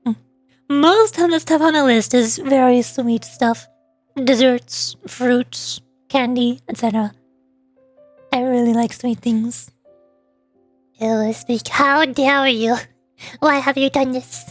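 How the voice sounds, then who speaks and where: A woman streaming and chatting casually with viewers, talking fast when excited and laughing often. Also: high voice, no room sound, faint music behind. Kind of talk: casual livestream chat.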